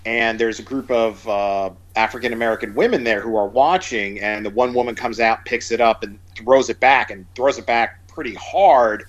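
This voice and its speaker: A man's voice: mid-range voice, moderate pace, hardly any pauses. A man in casual conversation, talking at length with many fillers and restarts. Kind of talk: casual chat about movies.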